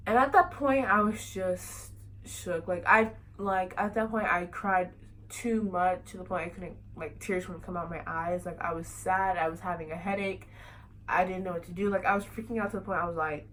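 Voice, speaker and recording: A woman's voice: mid-range voice, a bit bright, a little hiss or hum, poor audio. Young woman rambling through a story. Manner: rambling, many fillers like "like" and "you know". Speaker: vlogger. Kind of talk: casual storytelling.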